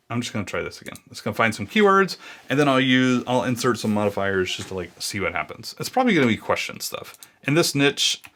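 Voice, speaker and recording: Man, thirties, lowish voice, casual muttered walkthrough, thinks aloud, keys clicking behind. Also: a bit bright. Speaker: blogging YouTuber. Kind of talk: casual screen-recording walkthrough.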